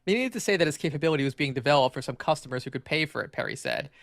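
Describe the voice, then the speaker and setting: A podcast co-host reading an article aloud, stumbling, restarting and filling gaps with "like" and "uh". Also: male voice, a little high, animated, gravelly, a bit bright, no room sound, studio quality. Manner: fast, filler-heavy reading with frequent stumbles and restarts.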